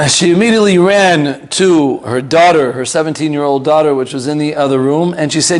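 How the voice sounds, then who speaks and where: Male rabbi, slightly high voice, casual storytelling lesson. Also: brisk, hardly any pauses. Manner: animated storyteller, loose, with fillers and asides.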